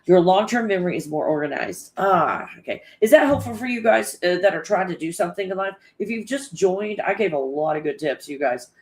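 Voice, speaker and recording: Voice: mid-range voice, expressive, fairly quick, few pauses. A livestream host chatting casually with viewers and reading out their comments, in a rambling, loose manner that is full of swearing and frequent laughter.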